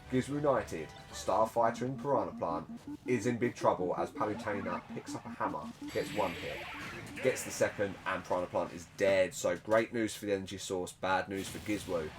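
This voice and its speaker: A man giving casual, chatty commentary on a computer-run fighting game tournament, excitable with joking self-mocking asides. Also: low-pitched.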